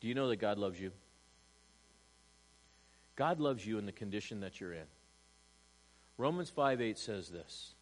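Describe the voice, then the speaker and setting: A man pastor preaching a sermon to a church congregation, swinging from loud emphasis to hushed asides and asking rhetorical questions. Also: on the low side, animated, moderate pace, pauses often, rough recording. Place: church service.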